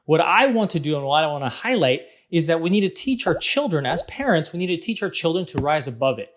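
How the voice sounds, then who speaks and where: A man in his thirties talks straight to his audience about raising kids, with a fairly high voice. He speaks in a casual, animated way and slips into little acted-out quotes as he goes. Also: quick pace, a little hiss or hum. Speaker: parenting vlog host. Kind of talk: casual advice monologue.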